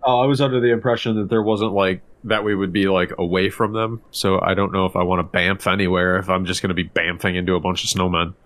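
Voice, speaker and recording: Low-voiced man playing a tabletop game. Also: steady tone, fast talker, few pauses, fairly bright tone. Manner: casual, hesitant, many fillers. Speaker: player. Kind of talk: casual tabletop role-play.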